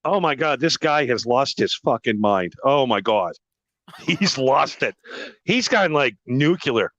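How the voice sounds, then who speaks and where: A man's voice: medium pitch, expressive, measured pace, a bit bright, dry recording, highs cut off. A man hosting a podcast in casual chat, crude and joking, laughing often. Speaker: podcast host.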